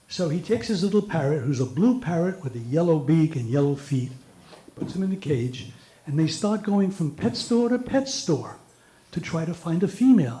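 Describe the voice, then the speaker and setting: A middle-aged man telling stand-up jokes in a roomy venue with plenty of echo. His voice sits somewhat high and rises and falls all over as he spins each story. The delivery is animated and full of play. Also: moderate pace. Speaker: stand-up comedian.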